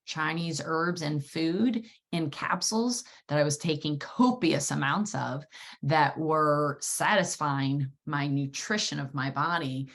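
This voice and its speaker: A woman hosting a solo podcast, telling a personal story in a lively, wordy way and swearing freely. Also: low-pitched. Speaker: podcast host.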